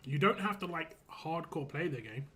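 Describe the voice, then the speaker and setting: A man's voice: fairly high pitch, lively intonation, moderate pace, pushed and bright. Chatty man streaming a game. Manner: chatty and rambling, laughs easily. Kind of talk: casual live-stream chat.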